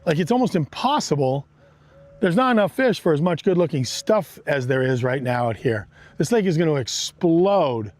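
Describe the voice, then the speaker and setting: A man hosting a live fishing stream from a boat on a lake, talking excitedly to his viewers. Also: on the high side, normal speed, dry recording. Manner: excited, exclamatory, talks straight to viewers. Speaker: fishing livestream host.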